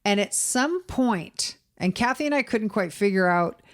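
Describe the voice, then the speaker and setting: A woman's voice: mid-range voice, lively intonation, unhurried. A woman co-hosting a true-crime podcast, casually retelling events and acting out quotes. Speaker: podcast co-host.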